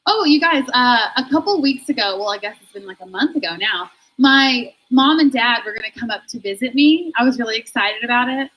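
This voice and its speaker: A woman's voice: fairly high pitch, animated, brisk, few pauses, a bit bright, low-quality recording. A woman performing a stand-up comedy set, self-deprecating and laughing through her own jokes.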